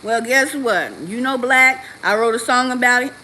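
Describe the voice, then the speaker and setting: A woman hosting a livestream, talking loudly and sassily with preachy outbursts. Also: on the high side, normal speed, a little hiss or hum, poor audio. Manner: loud, sassy and preachy, with outbursts. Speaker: livestream host. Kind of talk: casual livestream talk.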